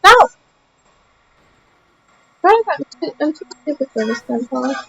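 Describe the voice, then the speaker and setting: A young woman streams a game from her sofa at home, chatting casually with her viewers. Her voice sits high and bright, and she answers chat aloud with a playful, defensive streak. The talk stays loose and unscripted. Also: very animated, moderate pace, gravelly, highs cut off, slight background noise. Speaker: gaming streamer.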